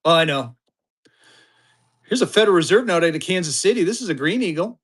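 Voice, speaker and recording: Chatty live-stream auction seller, man in his fifties, high-pitched, hypes every bid. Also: expressive, a little fast, fairly bright tone, slightly rough. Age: 50s. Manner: chatty, upbeat, hypes the bids.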